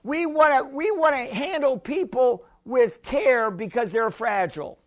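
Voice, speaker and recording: A man's voice: extremely high pitch, unhurried. A male pastor preaching a sermon, emphatic and repetitive, often calling out for an amen.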